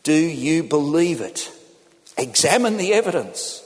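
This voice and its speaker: A man preaching a sermon, animated and acting out the people he quotes. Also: fairly high pitch, unhurried. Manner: animated, acts out quotes in changing voices. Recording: long hall reverb.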